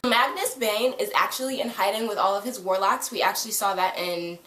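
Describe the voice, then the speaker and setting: A woman's voice: mid-range voice, a little fast, fairly bright tone, roomy sound, poor audio. A young woman vlogger chatting casually through a TV episode recap, gushing and full of "like" as she acts out quotes.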